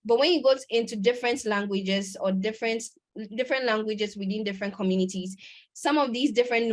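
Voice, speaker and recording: A woman giving a conference lecture over a video call. She explains step by step, pausing often and correcting herself mid-sentence. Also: mid-range voice. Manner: explanatory, with many pauses and self-corrections. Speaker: conference presenter. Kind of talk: lecture on research methods.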